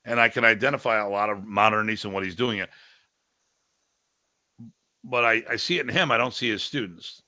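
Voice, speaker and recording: A man's voice: on the low side, fairly quick, long pauses, dry recording. A middle-aged man, a martial arts instructor, telling stories in a casual podcast discussion and often mimicking others. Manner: animated storyteller, mimics others' voices.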